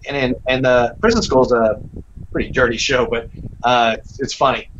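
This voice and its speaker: Male voice actor as interview guest, mid-pitched, reflective and rambling, on slightly muffled audio. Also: steady tone, moderate pace, fairly bright tone, slight background noise. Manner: reflective, rambling with many fillers. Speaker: voice actor and acting teacher. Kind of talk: casual interview chat.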